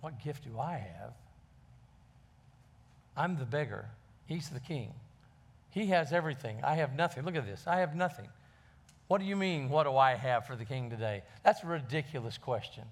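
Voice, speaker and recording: A man's voice: a little high, steady tone, a little slow, voice pushed up. A man voicing a pathetic, wheedling male beggar who pleads in a whiny, grovelling way. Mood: indignant.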